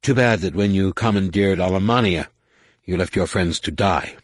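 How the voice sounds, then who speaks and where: Brief: drunk, bitter alien woman captain, booming and taunting, husky voice, as a man puts her on. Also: moderate pace, dry recording, clean studio sound. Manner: slurred, taunting, loud.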